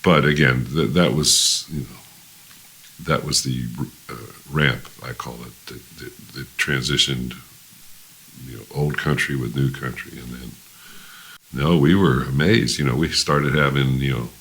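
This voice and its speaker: A man's voice: extremely low pitch, fairly even intonation, measured pace, fairly bright tone. An older man, a musician guest, telling rambling stories in a casual interview, with many fillers and restarts.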